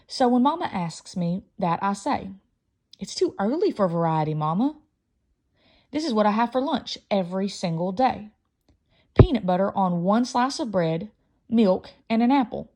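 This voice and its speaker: A woman reading a children's novel aloud in a lively first-person storytelling voice. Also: mid-range voice. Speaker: audiobook reader.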